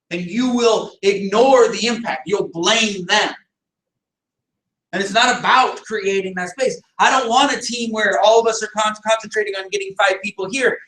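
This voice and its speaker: A man with a very high, bright and forceful voice leads a team meeting in an echoey room, heard from some distance away. He pushes his points hard, asks rhetorical questions and answers them himself, and now and then raises his voice. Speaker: business team leader. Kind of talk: motivational team meeting talk.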